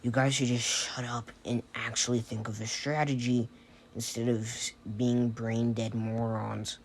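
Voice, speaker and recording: A man's voice: mid-range voice, little pitch movement, measured pace, a little hiss or hum, close to an everyday voice. A man voicing a cold, scornful teenage boy hero who cuts others down with insults. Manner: contemptuous, cutting insults.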